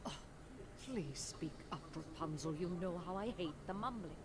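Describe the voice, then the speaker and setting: Brief: a scheming mother villain, low and swooping, theatrical scorn. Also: expressive, moderate pace, noisy background. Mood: scornful. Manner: theatrical, condescending, sweetly cruel. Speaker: game character. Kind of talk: dubbed game cutscene.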